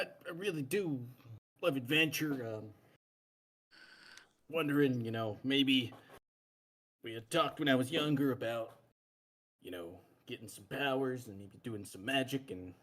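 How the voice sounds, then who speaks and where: A male player speaking in character during a tabletop game, casual and playful in his banter. His voice is mid-pitched and everyday. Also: unhurried, pauses often. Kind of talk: in-character tabletop role-play.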